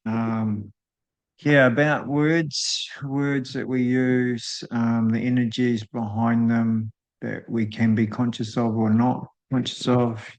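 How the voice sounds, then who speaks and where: A man hosting a solo spiritual talk, speaking thoughtfully with frequent pauses and drawn-out ums. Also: medium pitch, level tone. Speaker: host.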